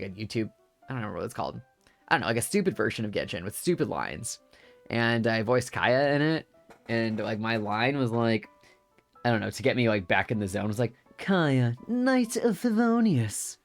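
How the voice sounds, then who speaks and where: A man's voice: fairly low pitch, brisk, gravelly, soft background music. A man streaming a game, chatting casually about voice work in a rambling, laughing way with many fillers. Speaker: streamer and voice actor.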